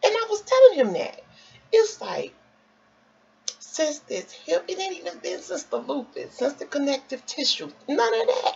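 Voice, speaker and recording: A woman vlogger tells a story in a lively voice that swings up and down a lot. Her voice has a gravelly, fry-heavy texture. The recording is dull and lo-fi, with faint background noise. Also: sits high, moderate pace. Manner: animated, expressive, acts out quotes. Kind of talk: casual storytelling.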